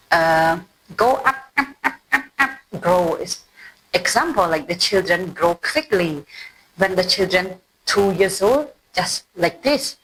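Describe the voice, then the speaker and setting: Slow, husky woman teaching English phonics. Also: fairly low pitch, poor audio. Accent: Cambodian. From Cambodia. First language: Khmer. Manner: slow, repeats each word several times, simple explanations. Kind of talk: phonics lesson for learners.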